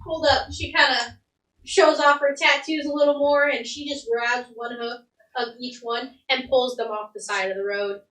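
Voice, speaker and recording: A woman's voice: high-pitched, steady tone, moderate pace, a bit bright, distant mic, low-quality recording. A woman narrating as game master in a tabletop game, casual and giggly with many fillers.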